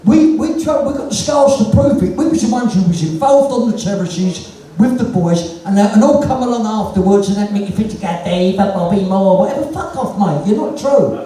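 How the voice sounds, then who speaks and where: Animated and high-pitched, with a warm tone and normal speed, a London-accented man regales a live venue crowd with raunchy, swear-heavy tales, voicing each exchange himself. He's appearing as a punk musician guest, and the recording comes from a distance in an echoing hall.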